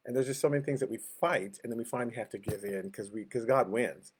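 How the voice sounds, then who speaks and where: A man's voice: mid-range voice, quick pace, hardly any pauses, husky. A man teaching a Sunday school Bible class in a casual, conversational way, chuckling often and acting out quoted lines.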